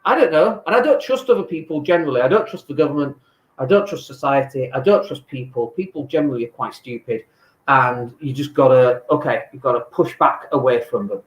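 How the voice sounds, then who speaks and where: A man's voice: medium pitch, animated, fairly quick. Ranting man in an echoey room. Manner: exasperated, ranting, blunt. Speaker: vlogger. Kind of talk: casual lockdown vlog rant. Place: home in Spain.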